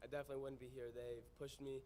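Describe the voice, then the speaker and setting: A man's voice: medium pitch, level tone, racing, mellow, a little hiss or hum. A teenage boy, a student athlete, giving an emotional, grateful thank-you speech. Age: teens.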